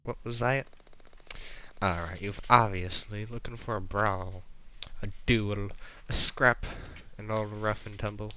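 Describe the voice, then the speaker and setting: A man's voice: lowish voice, fairly even intonation, unhurried, sharp tone, a little hiss or hum, poor audio. A man voicing a theatrical, old-fashioned male duelist who is spoiling for a fight. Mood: challenging. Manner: theatrical, grandiose.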